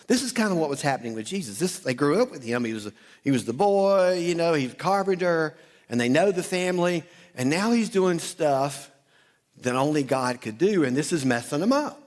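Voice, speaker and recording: A male pastor preaching a sermon, telling the story with lively asides and acting out the townspeople's voices. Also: fairly high pitch, moderate pace. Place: church auditorium.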